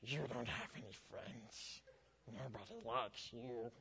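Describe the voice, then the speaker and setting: A man voicing a creepy, split-minded creature in a low raspy whisper. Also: slow, sharp tone, dull audio, heavily acted. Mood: sneering. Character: Gollum, creepy hissing creature, split self.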